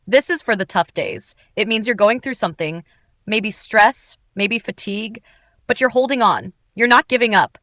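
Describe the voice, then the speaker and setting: A woman teaching English in an upbeat, clearly articulated, scripted narration. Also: mid-range voice, normal speed, a bit bright, no room sound.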